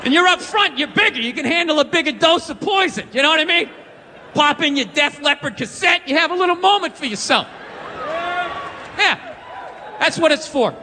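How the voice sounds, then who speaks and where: A man's voice: very high voice, animated, normal speed, pauses often, sharp tone. A man in his forties doing a profane, exasperated stand-up rant on a comedy stage with a handheld mic. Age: 40s. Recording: live hall reverb, faint noise.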